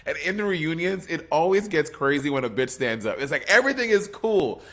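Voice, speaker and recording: A man co-hosting a casual chat show, expressive and laughing often, with plenty of swearing. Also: a little high, brisk. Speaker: podcast co-host.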